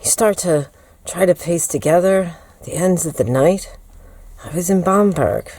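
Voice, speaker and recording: A woman's voice: on the low side, expressive, a little slow, dark tone. An American woman telling a personal story in a casual storytime vlog, acting out her own quotes. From United States. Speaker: storyteller vlogger.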